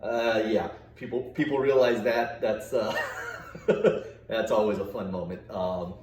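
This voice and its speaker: Low-voiced man chatting easily. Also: fairly even intonation, a little mellow, a little hiss or hum. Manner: chuckling, easygoing, halting with fillers. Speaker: vlog co-host. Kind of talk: casual family chat. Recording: echoey room, mic far off.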